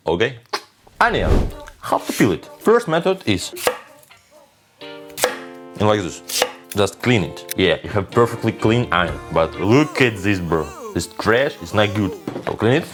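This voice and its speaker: Playful chef with lively, lowish voice. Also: male voice, measured pace, pauses often, over music. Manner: playful, boastful, non-native phrasing. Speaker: cooking vlogger. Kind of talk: casual kitchen demo.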